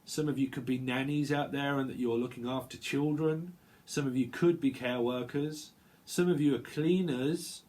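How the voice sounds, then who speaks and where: A man reads tarot in a loose, rambling way. He talks at an ordinary middle pitch, restarts his sentences often and scatters fillers through them. Now and then he slips into short quoted voices. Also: fairly even intonation, moderate pace, a little mellow. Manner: acts out little quoted voices, bursts of laughter. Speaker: tarot reader. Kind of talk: casual livestream tarot reading.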